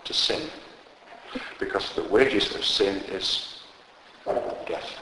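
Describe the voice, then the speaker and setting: A man preaching a sermon, emphatic and storytelling, swinging between loud declarations and quiet asides. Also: low-pitched, slow, a little hiss or hum. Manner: storytelling, conversational humour. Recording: roomy hall with long reverb.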